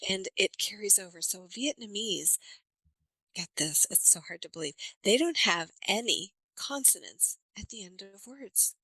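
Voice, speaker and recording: A woman accent coach, speaking as a podcast guest and explaining things with lively examples. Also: medium pitch, a little slow, husky, dry recording, low-quality recording. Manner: animated storyteller, explains with examples. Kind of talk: podcast interview.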